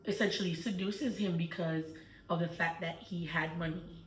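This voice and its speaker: A woman with a fairly low voice retells a book in a relaxed chat, full of ums and likes. She sits a little away from the mic in an echoey room. A faint hum of ambience runs behind her. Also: normal speed, recorded from a distance. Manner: chatty storytelling with many fillers. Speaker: book club host. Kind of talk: casual book discussion.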